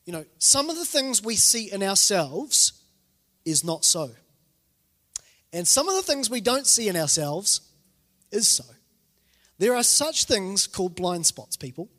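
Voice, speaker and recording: Animated New pastor preaching. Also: male voice, high-pitched, unhurried, pauses often. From New Zealand. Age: 40s. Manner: animated storytelling, acting out quoted voices. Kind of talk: sermon. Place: church hall. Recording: reverberant church hall.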